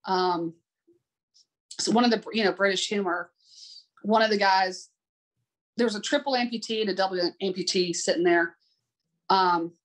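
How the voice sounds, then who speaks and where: A woman working as an adaptive sports swim coach, telling candid, heartfelt stories in an interview. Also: medium pitch. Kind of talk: conversational interview storytelling.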